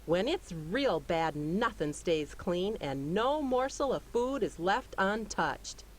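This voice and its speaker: A woman voicing a weary pioneer woman in a computer game, talking slowly and mournfully. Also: medium pitch, very animated, slight background noise, poor audio. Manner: slow, mournful.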